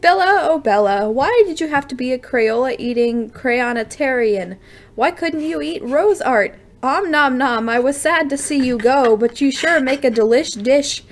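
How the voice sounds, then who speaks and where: Lady putting on a silly singsong cannibal guy, mock sad, high-ish voice. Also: lively intonation, unhurried. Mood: mock-mournful. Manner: singsong rhyming lament. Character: gleeful rhyming cannibal man, mock-mournful.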